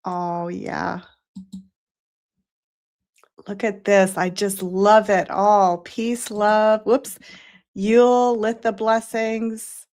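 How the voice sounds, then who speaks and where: Woman host on a live stream, slow and effusive, reads comments aloud and thanks each viewer. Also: medium pitch, level tone, a little mellow. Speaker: psychic show host.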